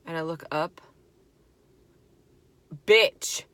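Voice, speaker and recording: A woman in her twenties telling a story on a vlog, animated and swearing freely, with lots of "like". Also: mid-range voice, very slow, pauses often, smooth, no echo. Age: 20s. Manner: animated, profane, heavy "like" filler. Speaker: vlogger. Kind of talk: storytime chat.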